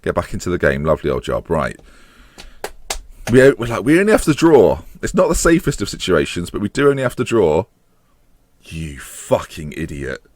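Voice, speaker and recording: A man giving excitable live commentary while playing a football management game, groaning and swearing at the match, his voice climbing higher as chances come near. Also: brisk. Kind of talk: live let's-play commentary.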